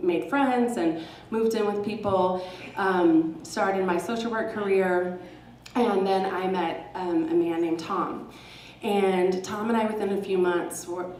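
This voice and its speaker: A woman's voice: on the low side, darkish tone, a little hiss or hum. A woman from Texas telling a personal story to a live audience, sarcastic and casually profane, often laughing. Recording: roomy hall, mic at a distance.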